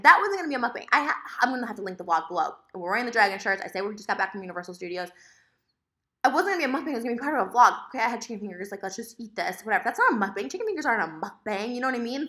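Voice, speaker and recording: A young woman vlogging at home, telling her side of a story in a fast, animated, sassy rant. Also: fairly high pitch. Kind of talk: casual vlog monologue.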